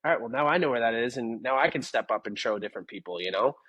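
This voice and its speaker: A young man chats as a guest on a podcast. His voice is a little husky, and he talks in an easygoing way, full of fillers. The recording is dry and close. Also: medium pitch, expressive, quick pace, fairly bright tone, no room sound. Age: young adult. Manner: easygoing, agreeable, filler-heavy. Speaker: firefighter guest. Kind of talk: casual interview chat.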